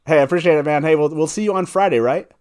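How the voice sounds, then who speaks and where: A man hosting a live call-in show, upbeat and quick to laugh as he greets callers. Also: a little high, a little mellow. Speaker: host.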